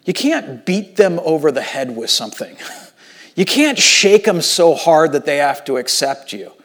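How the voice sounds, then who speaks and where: Male pastor, sermon delivery, conversational, slightly high pitch, swings from loud to hushed. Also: very animated, a little slow.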